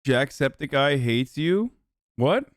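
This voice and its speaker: A man casually commenting on a live stream, blunt, offhand and profane. His mid-pitched voice is smooth and clear. The desk microphone gives a dry, close sound. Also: expressive, takes it slowly, no echo. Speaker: livestreamer.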